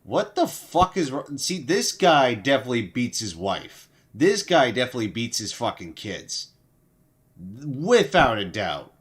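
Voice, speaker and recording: A man's voice: mid-range voice, sing-song, a little slow, a bit bright. Profane, rambling young male streamer. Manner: profane, swears heavily; rambling with frequent restarts. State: sleep-deprived. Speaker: livestream host. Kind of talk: casual livestream commentary.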